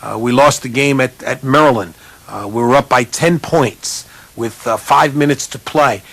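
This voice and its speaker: A college basketball coach telling a self-mocking, animated story in a humorous speech, jumping up in pitch to imitate other people. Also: male voice, moderate pace, vocal fry. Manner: animated, jumps high for quoted voices.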